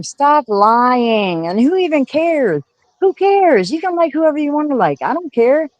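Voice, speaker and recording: A woman's voice: sits high, very animated, a little slow, darkish tone, no echo, rough recording. A woman hosting a livestream, scolding her chat in a profane, confrontational rant. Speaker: livestream host.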